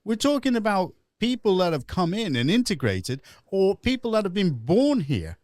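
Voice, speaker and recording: A man's voice: high voice, very animated, normal speed, darkish tone, no room sound, clean studio sound. A man hosting a casual satirical chat show, ranting and sarcastic and laughing often. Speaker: pub landlord host. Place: online show.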